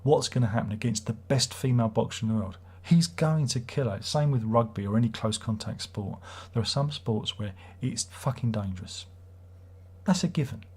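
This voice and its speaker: A man's voice: medium pitch, normal speed, a little mellow, husky. A man hosting a casual livestream, rambling and swearing as he reads viewer comments aloud. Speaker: livestream host.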